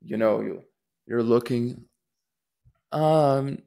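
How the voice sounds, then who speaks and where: A man's voice: mid-range voice, extremely slow, vocal fry, dark tone. A man teaching public speaking in a casual lesson, thinking aloud with restarts and acting out rising and falling intonation on sample phrases. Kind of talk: casual instructional talk.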